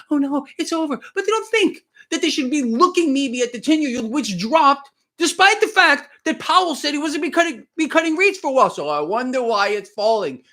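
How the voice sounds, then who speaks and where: Man, high-pitched voice, live market commentary stream, blunt, animated, reads viewer comments. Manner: blunt, animated, swears mildly, mocks and laughs. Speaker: market commentator, show host.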